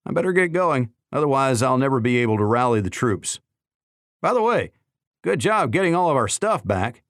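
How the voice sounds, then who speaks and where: A man voicing a friendly, brisk community leader who talks in an upbeat way. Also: medium pitch, sing-song, fairly bright tone, dry recording, clean studio sound, pitched above the performer's own voice.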